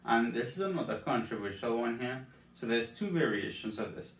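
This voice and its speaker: Low-voiced man explaining pronunciation, roomy. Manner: slow, careful enunciation of each word, with light self-deprecating asides. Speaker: rune pronunciation guide creator. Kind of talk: casual spoken tutorial. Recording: roomy echo, distant from the mic, faint background hiss.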